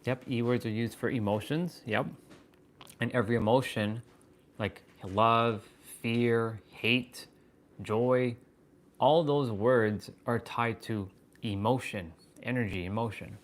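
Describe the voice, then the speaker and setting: A man hosting a livestream, musing aloud in halting, wondering phrases with bursts of excited swearing. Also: mid-range voice. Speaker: fitness and wisdom livestream host. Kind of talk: live stream musing.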